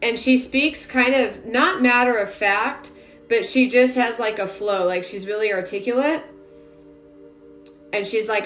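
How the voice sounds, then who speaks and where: A psychic medium, a young adult woman, gives a live stream reading in an unhurried, rambling way with many filler words. Her voice is a little high and a bit bright, heard with a roomy echo and faint music in the background.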